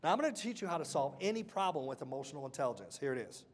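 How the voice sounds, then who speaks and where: A man's voice: fairly high pitch, big pitch swings, very fast. A young man giving a motivational workshop talk, often firing questions at the audience and waiting for answers. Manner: quizzes the audience with call-and-response questions. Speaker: workshop speaker.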